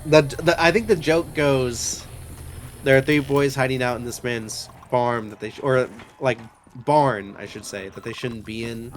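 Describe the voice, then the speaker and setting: A man's voice: mid-range voice, steady tone, unhurried. Rambling young man, faint background hiss. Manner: rambling, hesitant, full of fillers and self-corrections. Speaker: book discussion host. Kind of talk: casual book discussion while playing a game.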